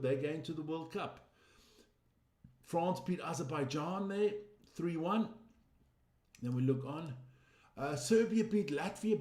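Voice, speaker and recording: A man's voice: a little high, a little mellow. A man hosting a casual sports results roundup, chatty, opinionated and teasing. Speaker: sports news host. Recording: roomy echo.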